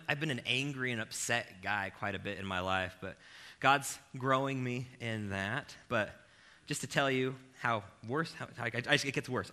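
A man preaching an evening sermon in a casual, humorous, self-deprecating way, talking straight to his listeners. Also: medium pitch. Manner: animated, self-deprecating, addresses the crowd directly.

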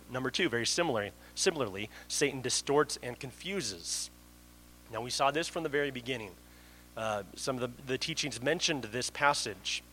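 Guy giving a sermon, earnest, mid-pitched, restarts a lot, bit of hum behind. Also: a bit bright, rough recording. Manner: earnest, with frequent restarts and fillers. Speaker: pastor.

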